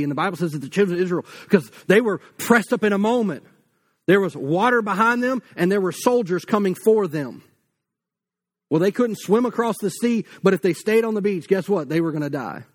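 A man preaching a sermon in a conversational, folksy way, with casual asides. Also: a little high. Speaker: pastor.

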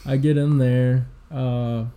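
A man in his twenties co-hosting a podcast, telling a long story in casual, profane chat with plenty of fillers, at low energy. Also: level tone, slow pace, a crowd in the background. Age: 20s. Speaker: podcast co-host.

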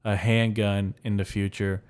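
A young man hosting a solo comedy podcast, rambling crudely and telling dark jokes deadpan. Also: fairly low pitch, unhurried. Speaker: podcast host.

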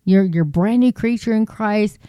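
Woman, solo podcast host, rambling chatty delivery, warm smooth tone, dry close mic. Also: mid-range voice, normal speed, no echo. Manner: rambling, chatty, frequent restarts and asides, laughs often. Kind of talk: casual solo podcast commentary. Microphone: podcasting microphone.

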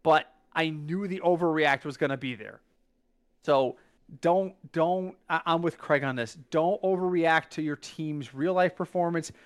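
A man's voice: fairly high pitch, measured pace, clean tone. A man co-hosting a podcast in casual chat, talking emphatically and stumbling over his words as he recalls things. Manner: emphatic, lively, restarts and stumbles when recalling. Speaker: podcast co-host.

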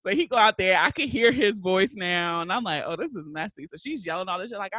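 A woman's voice: mid-range voice, animated, fairly quick, pushed and bright, dry recording. A woman from Baltimore hosting a podcast, telling a story in casual chat and laughing her way through it. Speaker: podcast host.

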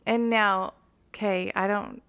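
A woman co-host on a true-crime podcast with a middle-pitched voice. She is eager and chatty, often jumping in with agreement and side comments. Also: fairly even intonation, slow, creaky, fairly bright tone, smooth. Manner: eager, chiming in with agreement and asides.

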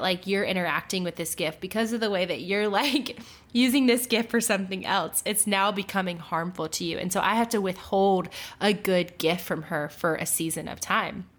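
A woman co-hosting a faith podcast who tells animated stories in casual chat, full of fillers. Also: mid-range voice. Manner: animated storytelling with frequent fillers. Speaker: podcast co-host.

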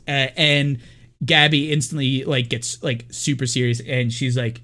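Brief: male podcast co-host, mid-pitched, casual rambling film recap with lots of filler words. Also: a little slow, fairly bright tone. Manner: rambling, lots of likes and uhs.

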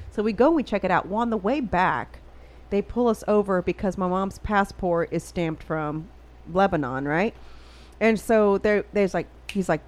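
Animated, profane woman telling a story. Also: medium pitch. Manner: animated, profane, quotes people in voices. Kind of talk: casual storytelling chat.

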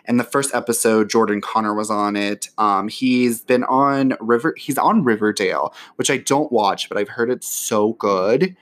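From his home near an airport, a man hosts a casual solo podcast, chatting away profanely and with many fillers. His voice is lowish, at normal speed, and he hardly pauses.

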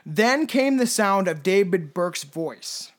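Podcast host, male, higher voice, rambling and swears a lot. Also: lively intonation, slow pace. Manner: rambling, profane, frequent restarts. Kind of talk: casual podcast chat.

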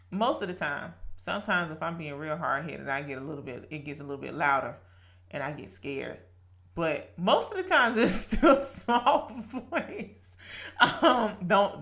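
Woman, late 30s to 40s, podcast host. Lowish, bright tone. Casual, earnest devotional talk, quick to laugh. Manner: earnest and chatty, laughs often, quotes scripture.

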